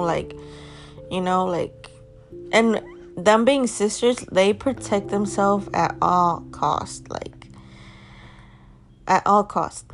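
A woman's voice: medium pitch, slow pace, vocal fry, pauses often, faint music behind. A young adult woman telling a personal story to her viewers in a casual, rambling way, filling her talk with "like" and swearing bluntly. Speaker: vlogger.

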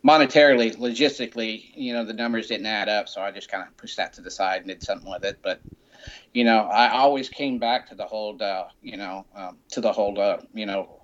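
Male guest, low-pitched, easygoing rambling anecdotes, muffled sound. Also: brisk. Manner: rambling, many "you know" fillers. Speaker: guest, rock memorabilia shop owner. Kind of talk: casual storytelling.

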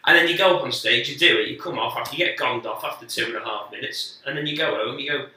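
A man's voice: mid-range voice, quick pace, pushed and bright. Male comedian guest, rambling and sweary, recorded far off-mic in a very echoey room. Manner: rambling, sweary, frequent restarts. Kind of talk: casual storytelling chat.

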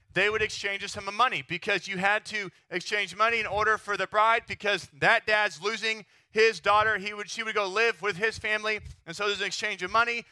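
A pastor from Texas preaching a sermon in a lively, chatty way, often checking in with his listeners. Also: sits high, dry recording, studio quality. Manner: animated, chatty, keeps asking the crowd "right?".

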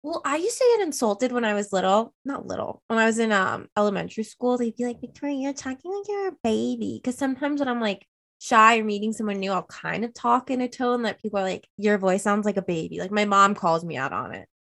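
Bubbly young woman with a bright, high voice. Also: quick pace. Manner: animated, many fillers. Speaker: podcast co-host. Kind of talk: casual chat.

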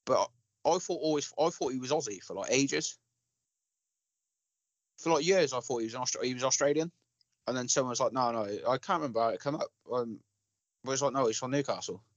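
A man's voice: medium pitch, brisk, pauses often, dry recording, dull audio. Guy ranting about films, swears a lot, pretty dry recording. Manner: blunt, sweary, animated storytelling. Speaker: podcast co-host. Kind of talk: casual film chat.

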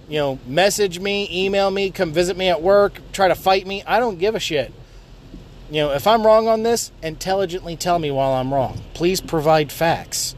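A man ranting and swearing constantly while driving, yelling at other drivers between complaints. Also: high-pitched. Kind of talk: profane driving rant. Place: inside a car while driving.

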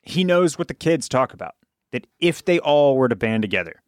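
A man co-hosting a podcast in casual chat, agreeable and halting, often restarting his words. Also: medium pitch, big pitch swings, dry recording, clean studio sound. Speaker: podcast co-host.

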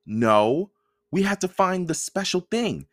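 A man voicing a cautious, worried young boy in a storybook read-aloud, in a high anxious boyish voice. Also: sing-song, slow, dry recording, clean studio sound, full character voice.

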